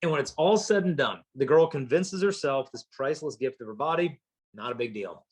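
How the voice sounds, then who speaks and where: A man's voice: mid-range voice, brisk, slightly rough. A man giving a motivational chastity talk to students, telling stories and acting out the voices of teens. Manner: animated storyteller, acts out voices of teens. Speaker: chastity speaker.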